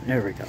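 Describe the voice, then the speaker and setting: Slow-talking chatty woman. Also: very noisy. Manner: chatty, talks to viewers, chuckles often. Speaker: shopping vlogger. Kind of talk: casual running commentary. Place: inside a large retail store.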